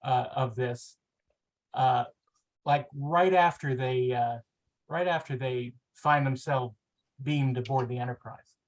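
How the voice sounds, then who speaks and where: A man hosting a podcast who chats casually and reads narration from a book. His narration is steady, and his chat is full of fillers. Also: mid-range voice, slow pace, rough recording. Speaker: podcast host. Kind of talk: casual chat and reading aloud.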